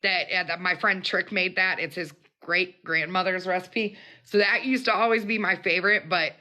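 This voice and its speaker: Bright, bubbly woman hosting a live chat. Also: lowish voice, steady tone, moderate pace. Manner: bubbly, chatty, greeting live commenters. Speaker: livestream host. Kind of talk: casual mukbang chat.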